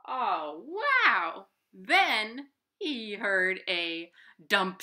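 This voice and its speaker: Lady doing storytime at home, super animated, gasps a lot, slow and bright. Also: on the high side. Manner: animated, gasping, playful sound effects. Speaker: library storytime host. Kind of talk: reading a picture book aloud to children. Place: her home.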